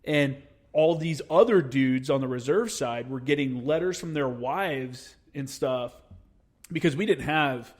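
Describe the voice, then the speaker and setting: A man's voice: mid-range voice, a little slow. A man in his thirties, a military veteran, telling a war story in casual podcast chat, swearing freely and acting out the quotes. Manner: profane, animated storyteller who acts out quotes.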